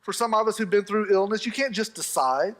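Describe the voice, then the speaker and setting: A male pastor delivers a sermon in a church sanctuary, his voice pitched high for a man. He tells stories with a humorous touch and acts out the voices of the people in them. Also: fairly quick, a bit bright.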